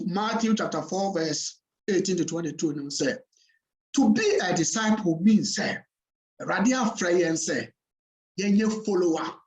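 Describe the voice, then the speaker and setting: Emphatic Ghanaian preacher in echoey hall. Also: male voice, high-pitched. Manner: preaching in a mix of Twi and English, emphatic repetition. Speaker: pastor. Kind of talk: sermon. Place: church hall.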